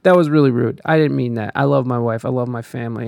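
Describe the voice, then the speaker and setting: A man's voice: medium pitch, fast talker, gravelly, darkish tone, no echo. A man ranting in casual commentary, profane and heated, rambling with many restarts.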